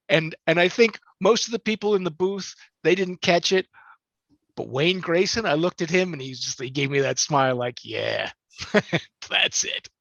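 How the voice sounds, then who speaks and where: A man's voice: a little high, a bit bright, no echo. An older man, a voice actor, chatting animatedly about his work in an interview. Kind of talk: interview storytelling.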